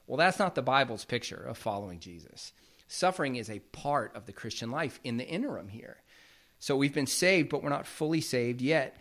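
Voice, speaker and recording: A man's voice: mid-range voice, expressive, moderate pace, a bit bright. A man preaching a sermon as pastor, explaining scripture in a plain, conversational way.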